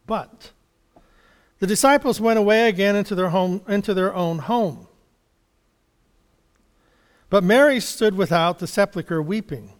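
A man preaching a conversational sermon, reading scripture and explaining it in a halting, chuckling way. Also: sits high, big-room sound. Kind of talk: sermon Bible study.

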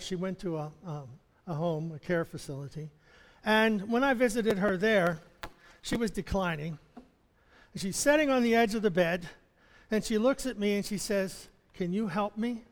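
A man's voice: high-pitched, a little slow. A male chaplain preaching a sermon in a loose, conversational way, chuckling often and stumbling into restarts. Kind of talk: sermon with personal stories. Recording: long hall reverb.

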